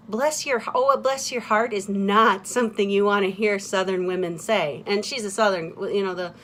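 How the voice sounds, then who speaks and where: A woman with a medium-pitched voice opens up in a casual vlog monologue, halting often, restarting and leaning on fillers as her sentences trail off quietly. Slight background noise can be heard.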